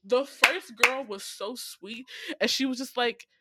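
A young woman co-hosting a casual chat, telling stories in an animated way, acting out quotes and swearing freely. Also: on the high side, a little slow, very noisy. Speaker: podcast co-host.

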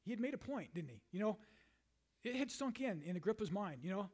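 High-voiced preacher man, chatty sermon. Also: brisk. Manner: conversational, repeats words and restarts, many "you know"s; reads scripture aloud and paraphrases it in a lively way. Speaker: pastor.

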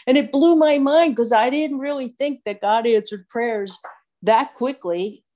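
A woman's voice: lowish voice, a little mellow. A middle-aged woman giving a candid, rambling personal testimony full of fillers. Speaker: speaker sharing recovery story.

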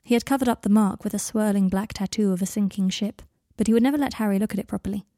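A woman narrating a fan fiction audiobook with soft, expressive, intimate storytelling. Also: medium pitch, fast talker, no echo, studio quality.

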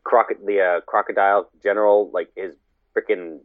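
A man's voice: on the low side, fairly even intonation, normal speed. A man co-hosting a casual podcast with crude, teasing banter. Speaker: podcast co-host. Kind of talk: casual chat. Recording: tinny phone-like line.

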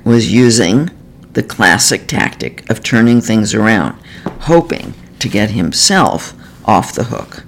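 A man, a therapist, reading a self-help book in a measured, earnest and gentle way. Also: on the low side, expressive, poor audio. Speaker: therapist author. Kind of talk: scripted self-help narration.

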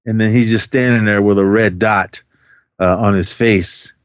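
A man's voice: on the low side, steady tone, normal speed, clean tone, no echo. A man co-hosting a podcast, rambling through a film recap in casual chat, laughing often and filling gaps with "uh". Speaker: podcast co-host. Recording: dry, dull lo-fi sound.

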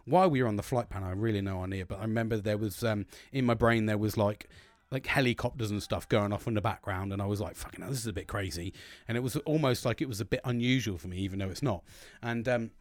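A man's voice: on the low side, fast, no room sound. A British man casually telling a long story about his dreams, swearing constantly and laughing as he goes. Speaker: host recounting his dreams.

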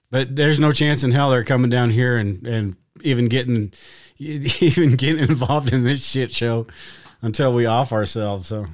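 A man co-hosting a live-streamed talk show, chatting casually and bluntly, with frequent restarts and some swearing. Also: mid-range voice. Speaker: podcast co-host.

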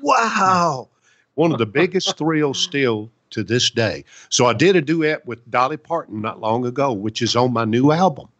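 A songwriter and veteran in his 70s tells folksy stories in a chatty interview, captured on a muffled recording. His mid-range voice is animated, and he keeps a moderate pace with few pauses.

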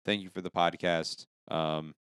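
A low-pitched man rambles through a late-night podcast chat, easygoing and loose with his swearing. His voice is smooth and resonant, caught close and dry on the mic at a home setup. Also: steady tone, measured pace, a bit bright, no echo. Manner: rambling, laid-back, swears casually. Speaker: podcast co-host. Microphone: podcast microphone.

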